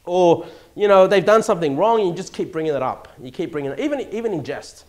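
Aussie pastor giving a sermon, kinda high voice that bounces around a lot, loud then quiet, laughs along. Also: male voice, quick pace. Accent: Australian. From Australia. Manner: animated preaching, swings from loud to hushed, chuckles, asides. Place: church.

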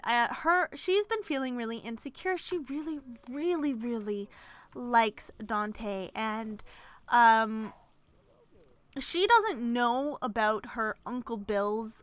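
Woman narrator for a casual let's play; chatty and gossipy, rambles with fillers, voice on the high side. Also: fairly bright tone, clear, resonant tone, no room sound. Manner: rambling, many fillers and restarts. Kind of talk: casual game commentary.

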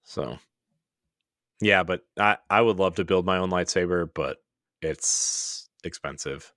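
A man's voice: low voice, normal speed, a bit bright, smooth, no echo, clean studio sound. A man co-hosting a podcast in casual chat, rambling with lots of "like"s and restarts. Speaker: podcast co-host.

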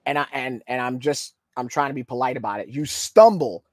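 A man's voice: mid-range voice, fairly quick, dry recording. Encouraging male podcast host, dry sound. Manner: prompting, encouraging, chiming in to explain. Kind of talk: casual interview chat.

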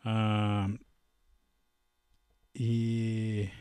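A man's voice: on the low side, monotone, extremely slow, darkish tone, smooth, no echo. A man hosting a solo sports podcast, chatting casually and rambling with lots of fillers and self-corrections. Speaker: podcast host.

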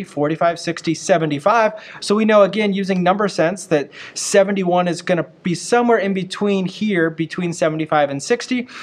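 A man teaching a geography lesson in a relaxed, folksy way, chatting through each step with small asides. His voice sits a little higher than most men's. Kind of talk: classroom map lesson.

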